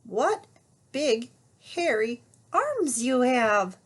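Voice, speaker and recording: A woman reading a storybook aloud, voicing a careful, wide-eyed young girl who speaks slowly. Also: fairly high pitch, big pitch swings, pitched above the performer's own voice, full character voice. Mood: wondering. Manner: slow and careful.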